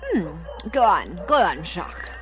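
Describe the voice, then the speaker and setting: A food-proud hostess, as a woman plays her, talking in slow, broken English. Her pitch leaps and swoops with lively emphasis as she insistently presses her guest to continue. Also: a crowd in the background. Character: flamboyant Moroccan hostess, pushy, food-proud.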